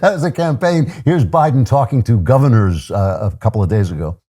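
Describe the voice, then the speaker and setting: Warm husky older male commentator. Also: mid-range voice, expressive, brisk. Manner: sardonic, chuckling asides. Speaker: political commentary host. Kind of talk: opinionated monologue.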